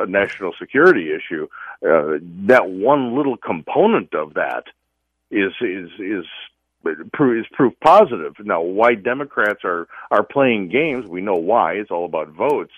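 A man's voice: low-pitched, breathy edge, no echo, narrow, tinny audio. A man speaking as a guest commentator on a talk radio show, emphatic and opinionated, stumbling and restarting often.

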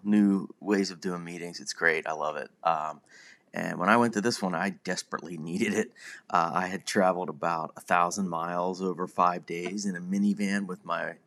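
A man talking casually and reflectively about his own experiences, often chuckling at himself. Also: low voice. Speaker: podcast host. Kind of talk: casual personal monologue.

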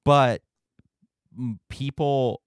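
A man's voice: mid-range voice, fairly even intonation, extremely slow, clear, resonant tone, dry recording, clean studio sound. A man hosting a podcast interview, speaking in a reflective, hesitant way and often restarting his phrases. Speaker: podcast host. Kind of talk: conversational interview.

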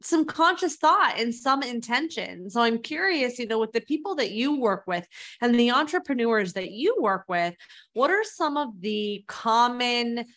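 A woman's voice: fairly high pitch, sing-song, unhurried, a bit bright. A middle-aged woman hosting an interview, asking curious and reflective questions. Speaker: podcast host. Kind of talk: interview conversation.

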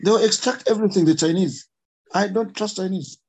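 A man's voice: high-pitched, brisk, a little mellow, husky, rough recording. A man from Zambia with a Zambian accent, an emotional conservationist guest who speaks earnestly and repeats his points for emphasis. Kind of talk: impassioned interview talk.

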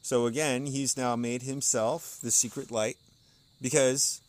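Steady in tone and a little slow, this medium-pitched male voice comes from a podcast host on an outdoor porch. He reads aloud from an occult text and explains it in a relaxed, conversational way, often chuckling as he goes.

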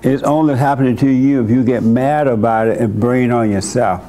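Hosting a church gathering, a man gives a young caller blunt counsel through short, pointed questions and words repeated for emphasis. His voice is medium-pitched and mellow, with fairly even intonation and a brisk pace.

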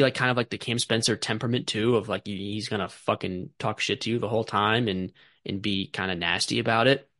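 A man's voice: lowish voice, pushed and bright, no room sound. A man co-hosting a casual sports podcast, rambling and filler-heavy and swearing offhandedly. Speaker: podcast co-host.

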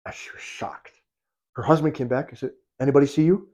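A man preaching in a storytelling sermon, acting out the people in the story and swinging from loud to hushed. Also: medium pitch, fairly quick. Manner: animated, acts out quoted voices, swings from loud to hushed.

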